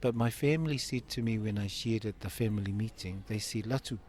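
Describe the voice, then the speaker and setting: A man's voice: fairly low pitch, fairly quick, a little mellow, slight background noise. A man in his fifties telling an emotional personal story in an interview, laughing often and acting out the voices of family members. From Samoan family. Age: 50s. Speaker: interview guest.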